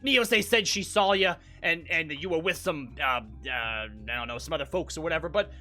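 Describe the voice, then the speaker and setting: A man voicing a boisterous, rowdy male thief who shouts his greetings loud and high. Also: fast talker, soft background music. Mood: overjoyed.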